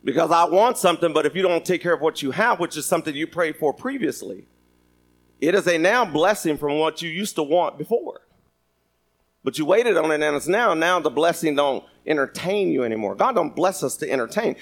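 A man's voice: on the high side, animated, a little fast. A man preaching a sermon, reading scripture and joking with the congregation. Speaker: pastor. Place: church sanctuary.

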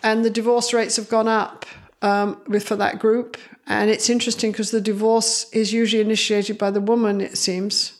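A woman's voice: mid-range voice, normal speed. A woman psychologist, a guest in an interview, telling stories and acting out the voices of the people in them. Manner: animated, acts out quoted voices. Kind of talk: storytelling in an interview.

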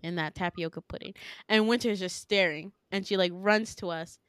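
A young woman chatting as a podcast host, spinning a long story loosely with fillers and little laughs. Her voice sits at a middle pitch and sounds dry and close, with no room around it. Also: normal speed, clean tone, no room sound. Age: young adult. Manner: animated, full of fillers and laughter. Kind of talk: casual storytelling.

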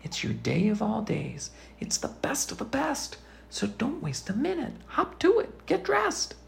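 A man's voice: high-pitched, huge pitch swings, a little slow, creaky, voice pushed up, exaggerated voice. A man voicing a cheerful, bossy male birthday bird who urges the listener along in a storybook reading. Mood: eager. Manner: eager, urging commands.

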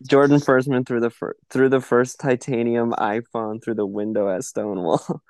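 A man co-hosting a podcast in casual chat, sarcastic and deadpan, swearing often. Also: mid-range voice, moderate pace, dry recording. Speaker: podcast co-host.

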